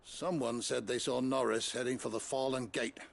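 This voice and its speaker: An actor playing a calm, steady ally in a video game, soothing and urging others. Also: male voice, mid-range voice, moderate pace, creaky.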